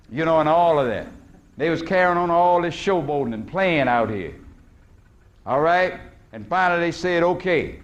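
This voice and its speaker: A man giving a lecture to a live audience in a preacherly way. He asks questions and answers them himself, and stretches words for emphasis. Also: high voice. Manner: retells film scenes with quoted voices, stretching words for emphasis. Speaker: guest lecturer. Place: lecture hall at a conference.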